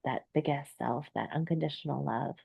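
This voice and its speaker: A woman in her thirties, a therapist, talking gently and reflectively, with a meandering pace and many fillers. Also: very deep voice, brisk, vocal fry, breathy edge, no echo, highs cut off. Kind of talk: reflective solo talk.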